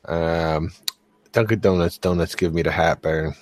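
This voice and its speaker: A man's voice: deep voice, normal speed, dry recording. A man with a Massachusetts accent, wisecracking bluntly as a podcast co-host. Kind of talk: casual chat.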